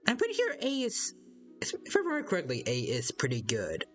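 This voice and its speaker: A man's voice: fairly high pitch, wildly swooping pitch, a little fast, fairly bright tone, faint music behind. A man chatting casually on a live stream while playing a game, rambling and hesitant, reading out viewers' chat and greeting them by name.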